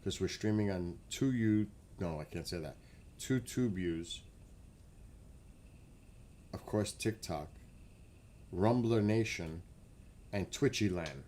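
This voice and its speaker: A man hosting a casual livestream, chatting with viewers by name and getting excited as he asks them questions. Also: low-pitched, measured pace, a little hiss or hum. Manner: chatty, talks to chat by name, gets excited and laughs. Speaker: livestream host.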